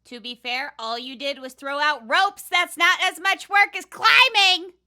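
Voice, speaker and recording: A woman's voice: extremely high pitch, steady tone, unhurried, sharp tone. A woman playing a tabletop game, with dry, wry remarks. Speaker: player.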